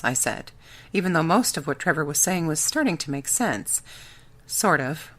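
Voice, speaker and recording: Brief: woman audiobook narrator, low voice, wry first-person storytelling. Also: expressive, moderate pace, a bit bright.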